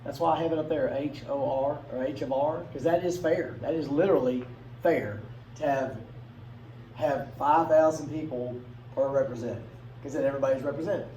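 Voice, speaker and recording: A man's voice: a little high, dark tone, dull audio. Casual male teacher in an echoey classroom. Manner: conversational, asks the class questions, acts out quick bits in funny voices. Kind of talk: classroom lecture. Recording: echoey classroom from a distance, faint room noise.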